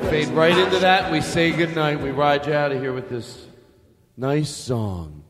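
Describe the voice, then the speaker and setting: A man's voice: on the high side, unhurried. A man hosting a comedy podcast, swearing and laughing through the banter. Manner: profane, laughing, lively. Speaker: podcast host. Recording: reverb in a hall with music under it.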